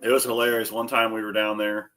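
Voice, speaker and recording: A man's voice: lowish voice, fast. A man telling casual stories in a chat, swearing freely and raising his voice to act out the people he quotes. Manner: profane, animated storyteller who acts out quoted people in a raised voice. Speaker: co-host.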